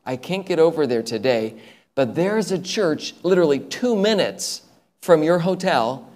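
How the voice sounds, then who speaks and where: A man preaching a sermon as an animated story, acting out the lines of the people in it. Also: a little high, unhurried.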